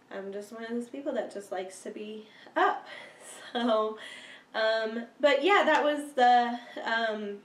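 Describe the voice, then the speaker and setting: A young woman with a medium-pitched voice, stuffy from a cold, gives a casual vlog update packed with fillers and laughter. The mic is distant, so the sound is roomy and a bit off-mic.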